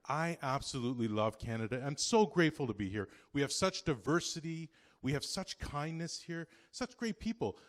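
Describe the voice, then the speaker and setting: A man from India performing stand-up, crude and brash, teasing the crowd between bits. His voice sits a touch high for a man. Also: fairly bright tone. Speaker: stand-up comedian. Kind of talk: stand-up comedy set. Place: comedy stage in a small town.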